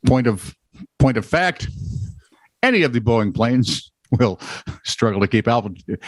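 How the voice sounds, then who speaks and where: A man co-hosting a playful news podcast. His pitch swings widely as he reads odd headlines and tosses in wry jokes. The sound is dry and close. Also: big pitch swings, a little slow, pauses often, no echo. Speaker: podcast co-host. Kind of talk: casual comedic news chat.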